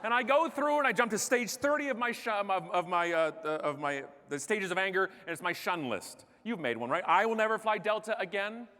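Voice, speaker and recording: A Canadian man giving a comedic keynote on stage, telling a story in an animated way and acting out the other people in it. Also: high-pitched, a little fast, hardly any pauses. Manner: animated, acts out characters, self-mocking. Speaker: keynote speaker. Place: large conference hall stage. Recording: long reverb of a large hall.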